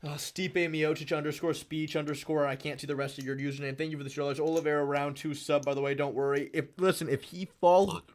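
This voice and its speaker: A man's voice: fairly high pitch, a little mellow. A man streaming about MMA fights and betting, talking casually with chat in a rambling, repetitive way and swearing freely.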